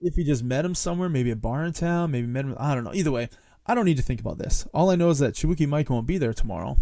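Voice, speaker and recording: A man's voice: mid-range voice, lively intonation, quick pace, warm tone, no room sound. Dry-voiced man telling rambling stories. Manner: rambling storyteller, laughs between lines. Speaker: podcast host. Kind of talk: casual chat.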